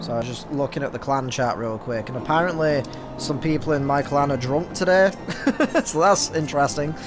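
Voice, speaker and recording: A man's voice: mid-range voice, a little fast. A young man hosting a casual gameplay let's play, swearing often, laughing and reading game text aloud. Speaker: gaming let's-play host. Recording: game audio mixed under voice. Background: game music.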